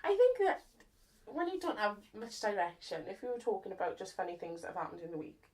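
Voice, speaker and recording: A woman's voice: mid-range voice, sing-song, fast talker, a little mellow, slight background noise. A woman co-hosting a casual podcast chat, reacting with short replies and laughter. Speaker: podcast co-host.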